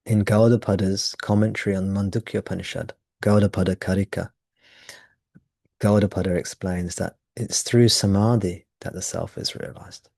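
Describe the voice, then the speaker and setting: A man's voice: low voice, fairly even intonation, normal speed, creaky, a little mellow, no echo, clean studio sound. A man teaching at a satsang, explaining ideas thoughtfully and often restarting his phrases. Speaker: spiritual teacher. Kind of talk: satsang talk.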